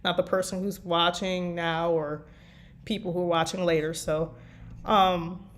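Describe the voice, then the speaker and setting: A woman's voice: lowish voice, little pitch movement, unhurried. A tired woman chatting casually about writing her fanfiction, rambling with lots of fillers. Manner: rambling, meandering with many fillers. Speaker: fanfiction writer. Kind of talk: casual chat.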